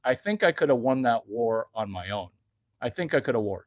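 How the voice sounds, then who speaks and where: A man giving a brash, bragging comedic monologue, talking provocatively and suddenly getting louder for emphasis. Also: mid-range voice, animated, a little fast, no room sound, clean studio sound. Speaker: vlogger.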